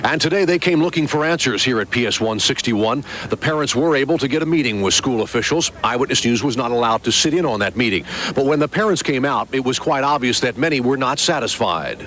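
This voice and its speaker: A male TV news reporter giving a measured, serious field report outdoors in the city. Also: medium pitch, expressive, fairly bright tone, rough recording. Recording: 1980s TV news with faint street noise.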